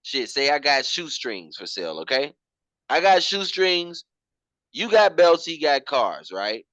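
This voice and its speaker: A man's voice: on the high side, very animated, measured pace, fairly bright tone, dry recording, highs cut off. A man teaching finances in casual slang, often repeating himself and calling his listener "bro". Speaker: program instructor.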